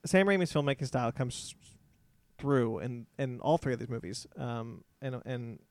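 Hesitant young podcast host, smooth and close-miked. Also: male voice, medium pitch, normal speed, darkish tone, dry recording. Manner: hesitant, lots of ums. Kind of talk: casual chat.

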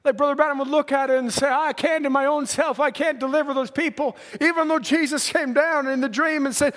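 A male preacher delivering a sermon, building from quiet reasoning to impassioned shouts. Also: very high-pitched, fairly even intonation, fairly quick, hardly any pauses. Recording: long hall reverb.

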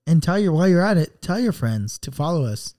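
Chill guy cohosting a podcast, warm mellow voice, jokey. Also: a little high, very animated, fairly quick. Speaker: podcast co-host. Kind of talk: casual podcast chat.

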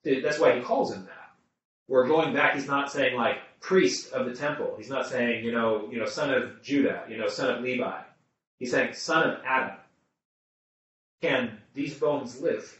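A man's voice: mid-range voice, steady tone, moderate pace, a bit bright. A man leading a group Bible study, thinking aloud with restarts and putting questions to the people around him. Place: room with a small group. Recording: muffled, echoey room, mic far off.

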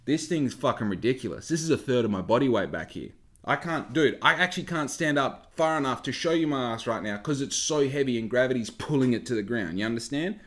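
A young man in casual chat, rambling and swearing often, at times flaring into loud rants. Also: mid-range voice, lively intonation, brisk. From Australia. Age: young adult. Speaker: vlogger.

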